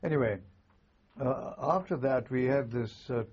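A husky older man recalls his past in an oral history interview. He speaks haltingly and understatedly, often restarting his sentences. The recording is muffled and lo-fi. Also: medium pitch, a little mellow. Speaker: veteran army chaplain interviewee.

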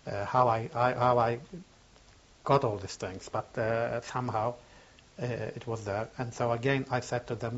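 An older man recounting a memory in an oral history interview, halting and searching for words, on a dull lo-fi recording. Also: mid-range voice, fairly even intonation.

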